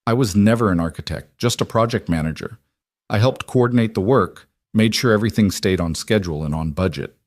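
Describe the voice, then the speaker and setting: A man's voice: lowish voice, fairly quick, no echo, studio quality, lightly acted. A man voicing a struggling single father in a read-aloud story, speaking tenderly and reassuringly. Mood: modest. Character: struggling single dad, gentle and honest. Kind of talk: storybook narration.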